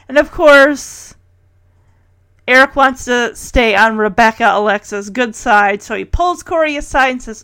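Brief: lively woman host, slightly high voice, casual show recap with frequent laughs. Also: moderate pace, clear, resonant tone. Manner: animated, laughs often, acts out quotes.

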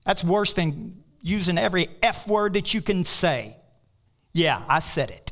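A pastor preaching with passion, his voice a touch higher than most men's. He swings from loud, soaring bursts down to quiet, low asides. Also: a little slow. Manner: animated storytelling with laughter. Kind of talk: sermon.

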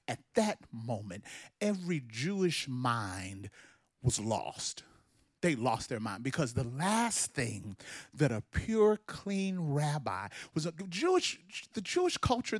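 A man preaching a sermon with passion, repeating phrases for emphasis and building to shouted peaks. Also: high voice, dry recording, clean studio sound. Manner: impassioned, builds to shouted climaxes.

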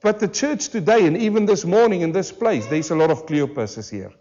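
A pastor preaching a sermon to a church congregation, emphatic and full of rhetorical questions, slowing down hard on key words. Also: male voice, sits high, animated, mellow, lo-fi sound. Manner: emphatic, with rhetorical questions and slowed, drawn-out stresses. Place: church service.

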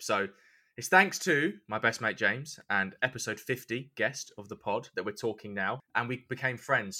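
English male host, rapid delivery, bright forward tone; friendly, easy laughter. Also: mid-range voice. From England. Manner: friendly, laughs often, quick interviewer. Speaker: podcast host. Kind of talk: casual chat.

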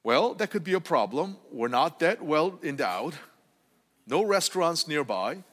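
Man, preacher, conversational sermon, animated, fairly high voice, long hall reverb. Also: a little slow. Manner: animated, often asking the congregation "right?".

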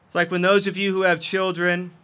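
A man's voice: sits high, level tone, brisk, pushed and bright, smooth. A man preaching a sermon as pastor, earnest and impassioned.

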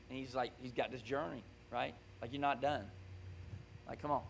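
A man preaching a conversational sermon in a church, animated and often checking in with his listeners. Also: medium pitch, normal speed, vocal fry, husky. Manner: animated, keeps asking "right?".

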